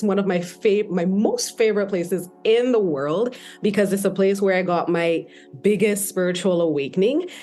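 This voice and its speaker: A woman hosting a spiritual podcast, chatting in a bubbly, free-flowing way with a guest. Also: mid-range voice. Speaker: podcast host. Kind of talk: casual podcast interview.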